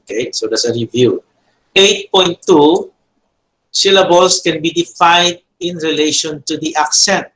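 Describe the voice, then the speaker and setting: A man teaching a Biblical Hebrew grammar lesson. He talks haltingly, with frequent fillers and self-corrections, and repeats key terms for emphasis. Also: a little high, fairly bright tone, slight background noise, low-quality recording. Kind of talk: classroom grammar lecture.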